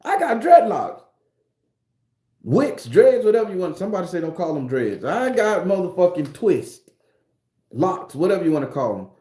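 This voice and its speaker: A man's voice: sits high, big pitch swings, fairly quick, dark tone. Profane rambling man in a roomy echo. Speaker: spiritual tarot reader vlogger. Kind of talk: casual rant to viewers.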